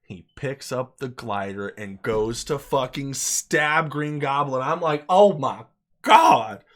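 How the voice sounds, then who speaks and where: A man delivers an off-the-cuff, relaxed movie review, excitable and emphatic, cursing often and repeating things for effect. His voice sits at a medium pitch and he speaks slowly.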